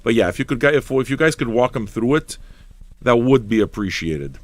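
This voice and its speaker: A man's voice: mid-range voice, animated, normal speed, no room sound. A man hosting a live-streamed record show, talking in a rambling, profane, mock-ranting way to his chat. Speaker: livestream DJ host. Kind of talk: casual live radio banter.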